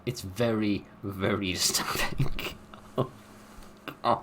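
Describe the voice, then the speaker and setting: Wry British man with a deep voice. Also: fairly even intonation, slow pace, background noise. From Britain. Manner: wry, sarcastic, rambling jokes. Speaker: let's-play host. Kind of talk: casual gameplay commentary.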